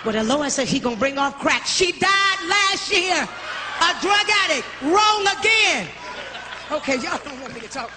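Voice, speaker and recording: A woman's voice: high voice, animated, normal speed, a loud crowd. A woman preacher delivering a fiery sermon, repeating her points and calling out her congregation. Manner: fiery, repetitive, calls out the congregation. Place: church sanctuary. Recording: live church with congregation noise.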